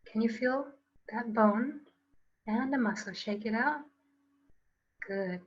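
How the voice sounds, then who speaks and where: A woman's voice: a little high, slow, lo-fi sound, slight background noise. A woman teaching a qigong class online, coaching students in an upbeat, playful way with call-and-response phrases. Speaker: qigong instructor.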